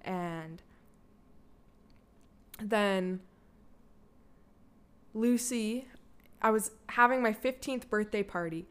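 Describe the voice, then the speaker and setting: A woman's voice: medium pitch, extremely slow, pauses often, clear, resonant tone. A young Canadian woman sharing a personal story in a loose, candid way, full of fillers and casual swearing. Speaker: guest, daughter of the host.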